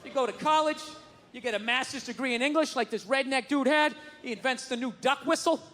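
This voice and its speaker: A man's voice: very high voice, fairly quick, bright, forceful tone. A man doing a profane, ranting stand-up comedy routine, mocking people with put-on voices. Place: comedy stage before a live audience. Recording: reverberant venue with crowd and noise.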